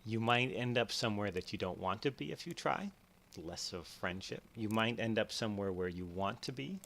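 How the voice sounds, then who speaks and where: A man's voice: on the low side, lively intonation, normal speed, vocal fry, fairly bright tone, a little hiss or hum. A young man hosting a casual explainer while playing a game, telling stories and acting out what people are thinking. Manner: storytelling, acts out inner voices. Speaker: host. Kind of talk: casual explainer over gameplay.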